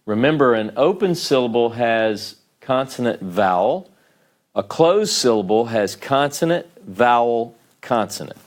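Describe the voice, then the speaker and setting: A man teaching a small class in a meeting room, speaking slowly and patiently. He breaks each point down step by step and keeps checking whether the students are following. His voice sits at an ordinary middle pitch. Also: animated. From United States. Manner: patient, explains step by step, frequent "okay?" checks. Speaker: Hebrew teacher. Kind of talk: classroom lecture at a whiteboard.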